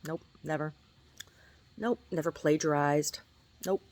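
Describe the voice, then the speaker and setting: A rumbling low female voice with vocal fry, delivered briskly. The middle-aged vlogger rambles through stories in a casual to-camera monologue, laughing, mocking herself, and repeatedly restarting or saying words twice.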